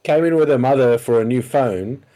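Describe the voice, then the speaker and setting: A man's voice: mid-range voice, normal speed, mellow, low-quality recording. A man with a mid-range voice argues his point insistently in a casual podcast chat. He talks plainly, with a conversational give and take. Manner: argumentative, insistent. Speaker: podcast co-host.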